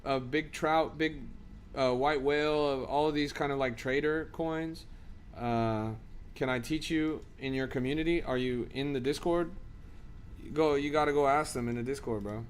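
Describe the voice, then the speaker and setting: A man's voice: on the high side, steady tone, normal speed, a little hiss or hum. A young man streaming about crypto, reading viewer comments in a casual chat and ranting in exasperation with lots of swearing.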